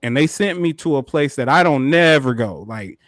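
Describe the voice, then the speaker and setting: A man co-hosting a podcast, telling a story in a casual, animated way, full of profanity and quick laughs. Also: medium pitch, dry recording, studio quality. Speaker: podcast co-host.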